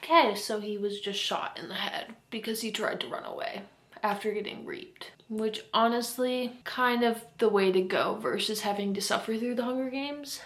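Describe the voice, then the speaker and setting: A woman vlogging casually about a book she is reading, reacting in a hushed, chatty way. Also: a little high, normal speed, hardly any pauses. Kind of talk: casual reading vlog chat.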